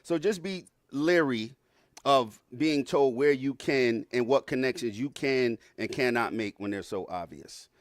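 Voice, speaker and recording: A man's voice: mid-range voice, measured pace, no echo, studio quality. A man on an online panel making a lecturing argument built on an extended analogy.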